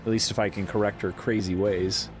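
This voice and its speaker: A man's voice: on the low side, level tone, a little fast. A man streaming a story game, casually reacting and reading text aloud, with faint game music behind.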